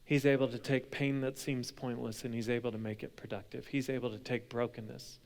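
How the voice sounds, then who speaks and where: Delivering a sermon at a brisk pace, a young adult male pastor with a medium-pitched voice alternates hushed, intense stretches with loud, lively storytelling.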